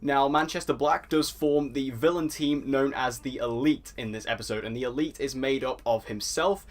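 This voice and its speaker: A man's voice: medium pitch, normal speed. A man reviewing a TV episode in a casual, enthusiastic, chatty way, stacking up praise. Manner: enthusiastic and chatty, piles on "so" and "really". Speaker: TV review vlogger.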